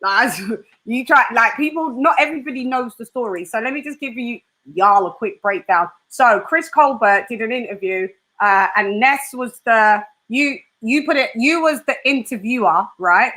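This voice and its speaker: Bright-voiced chatty woman host. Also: on the high side, moderate pace. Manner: animated, laughing, mimics voices. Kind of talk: casual live-stream chat.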